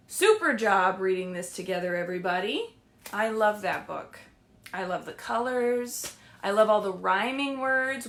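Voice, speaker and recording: Woman, children's librarian, slow, sing-song, animated, read-aloud, asks kids questions. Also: mid-range voice, a little hiss or hum. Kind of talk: reading picture books aloud to children. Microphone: streamed live.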